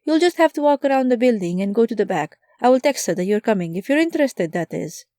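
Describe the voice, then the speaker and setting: A woman reading an audiobook, voicing a polite, formal male restaurant waiter in a dry, mellow tone. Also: on the high side, lively intonation, fast, no echo, close to an everyday voice. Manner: formal, courteous.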